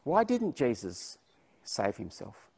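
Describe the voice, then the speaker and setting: A man preaching to his congregation, reading passages aloud and then unpacking them. His voice sits at a medium pitch. He reads with plain emphasis and explains in an everyday spoken manner. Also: wildly swooping pitch, slow pace, vocal fry, a little mellow, breathy edge. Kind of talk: sermon with Bible reading.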